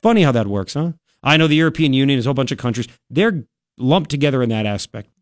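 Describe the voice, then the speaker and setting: A man hosting a talk radio show, giving sarcastic and animated commentary from a studio. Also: quick pace, no echo. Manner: sarcastic, animated, jumps between high and low tones. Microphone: studio mic.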